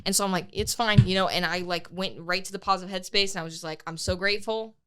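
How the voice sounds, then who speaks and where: A woman's voice: fairly low pitch, steady tone, very fast, clear, resonant tone. A young woman co-hosting a podcast, telling a race story casually, acting out her own quotes and swearing freely. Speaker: podcast co-host. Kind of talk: casual chat.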